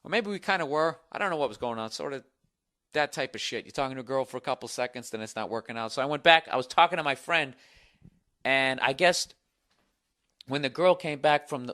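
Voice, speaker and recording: Profane, sarcastic middle-aged man ranting. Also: mid-range voice. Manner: profane, sarcastic, animated storytelling. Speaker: podcast host. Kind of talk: solo comedic podcast rant and storytelling.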